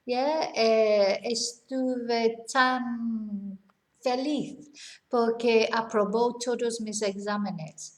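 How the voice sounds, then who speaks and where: Female language teacher, higher-pitched, slow and deliberate, repeats examples. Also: darkish tone, reverberant. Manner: explains in simple words, mixes in Spanish. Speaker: English teacher. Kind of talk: language lesson.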